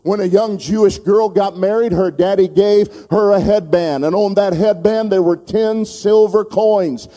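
A male preacher with a high, mellow voice tells a parable in dramatic style. He calls out to the congregation to repeat lines after him. His voice rings with the long reverb of a church hall. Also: fairly even intonation, measured pace, few pauses, soft background music. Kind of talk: sermon.

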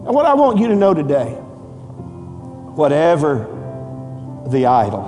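A man pastor telling a story in a sermon, swinging from hushed to shouting with dramatic force. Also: on the high side, huge pitch swings, measured pace. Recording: long hall reverb, faint music behind.

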